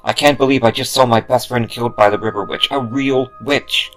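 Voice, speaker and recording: A man voicing a panicked teenage boy in a spoken horror story, with a shrill, frantic delivery. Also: steady tone, brisk, fairly bright tone, soft background music, natural voice.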